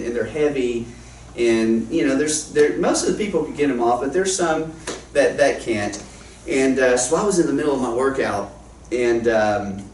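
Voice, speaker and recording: A man's voice: mid-range voice, a little hiss or hum. Rambling self-mocking man, echoey room. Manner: self-deprecating, rambling, laughs at himself. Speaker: guest worship leader teaching a session. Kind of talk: casual storytelling talk. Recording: roomy echo, distant mic, faint ambience.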